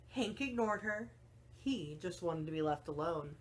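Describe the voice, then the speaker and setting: A woman teacher reading a picture book aloud to children in a gentle, deliberate storytelling manner. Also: fairly low pitch, lively intonation.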